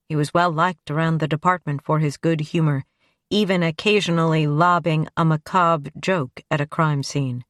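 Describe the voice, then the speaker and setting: A woman's voice: on the low side, no echo. A woman narrating a first-person crime audiobook in a wry, conversational manner on a close studio mic.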